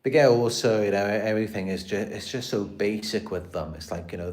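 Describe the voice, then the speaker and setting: A man's voice: fairly low pitch, brisk, darkish tone. A man with a British accent hosting a live stream, talking casually, rambling and repeating himself with lots of fillers. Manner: rambling, repeats words and restarts, many "you know" fillers. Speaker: host of a live stream about narcissistic abuse.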